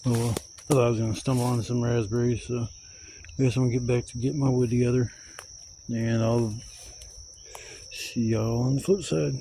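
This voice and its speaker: A man's voice: mid-range voice, steady tone, moderate pace, pauses often, mellow, slight background noise. A man vlogging while camping in the woods, talking casually and swearing a lot as he gathers wood. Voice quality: profane, rambling, Southern-style speech. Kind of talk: casual outdoor vlog. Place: outdoors in woods. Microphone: camera mic, handheld gimbal.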